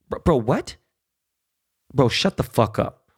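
A man rants on his podcast in an angry, blunt monologue, swearing constantly and checking in with "right?" and "okay?". His voice sits in a middle pitch with a rough, gravelly fry running through it. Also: moderate pace, long pauses. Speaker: podcast host. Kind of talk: profane political rant.

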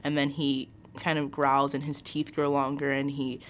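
A young woman co-hosting an improvised comedy podcast, telling absurd stories deadpan. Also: extremely low pitch, moderate pace, a little hiss or hum. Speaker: podcast co-host.

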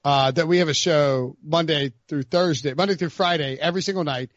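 Sports podcast host, male, somewhat high voice, rambling delivery, dry dull lo-fi audio. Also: fairly quick, no echo. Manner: rambling, self-interrupting. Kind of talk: casual sports podcast chat.

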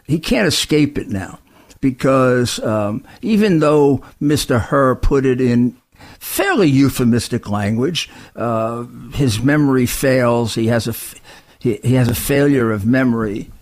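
A man co-hosting a political talk show, talking in quick, rambling runs full of restarts and asides. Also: mid-range voice, animated. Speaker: co-host.

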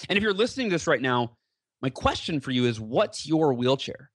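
A man telling a personal story as a podcast guest, earnest and animated, with many fillers and restarts. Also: mid-range voice, fairly quick, no echo.

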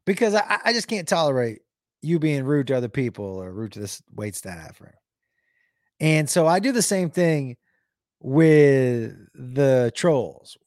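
A man's voice: mid-range voice, very animated, measured pace, a little mellow, no echo, clean studio sound. A man telling a rambling, profane comedy story on a livestream, often laughing and greeting viewers by name. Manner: rambling, profane, reads chat names aloud.

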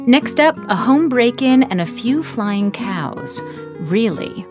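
A woman hosting a radio show, briskly reading a scripted introduction. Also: on the high side, expressive. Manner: brisk, announcing. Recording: loud music and crowd behind.

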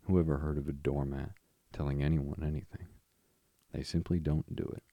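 A man's voice: a bass voice, little pitch movement, normal speed, no room sound, lo-fi sound. A man reading a bedtime story, voicing a fussy male mole who complains, pettish and put-upon.

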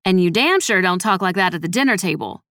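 A woman narrator voicing an exasperated mother who scolds loudly in sharp outbursts. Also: on the low side, lively intonation, fast talker, no echo, studio quality. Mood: scolding.

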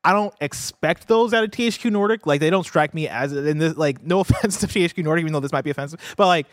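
A man's voice: on the high side, quick pace, dry recording, studio quality. A man co-hosting a casual gaming news talk show, chatting loosely with lots of fillers and reading out a release list. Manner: loose and chatty, frequent fillers, laughs easily.

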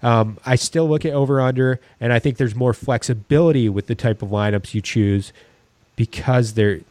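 A man's voice: medium pitch, normal speed, darkish tone, dry recording. A man co-hosting a casual sports podcast, talking in a rambling way with many restarts. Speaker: podcast co-host.

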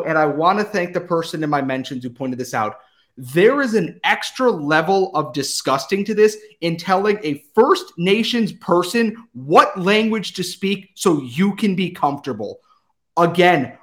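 A man's voice: high-pitched, a bit bright. A man delivering an angry, emphatic sports rant, swearing and out of breath.

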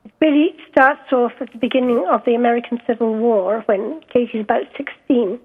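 A woman's voice: on the high side, brisk, husky. Scottish woman author on a phone line. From Scotland. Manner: hesitant, many ums and restarts. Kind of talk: interview over the phone.

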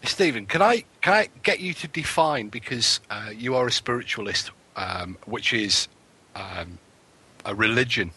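A man's voice: mid-range voice, expressive, measured pace, pushed and bright, slightly rough. A man co-hosting a radio show, teasing in dry banter and asking long, rambling questions. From England. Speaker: radio co-host. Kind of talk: casual radio show chat.

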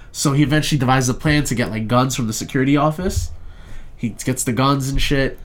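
A man's voice: medium pitch, fast. A young man casually recapping a movie in a chat, rambling and profane, briefly acting out the characters' lines. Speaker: podcast co-host reviewing a movie.

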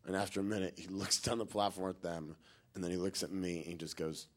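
A man telling a comic story on stage, animated and acting out the people he meets. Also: low voice, quick pace. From United States. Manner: animated, acts out the people in his story with big voices. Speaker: stand-up comedian.

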